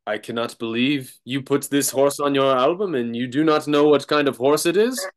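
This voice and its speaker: A man voicing an upset Polish male fan with a Polish accent, indignant and halting. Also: medium pitch, natural voice.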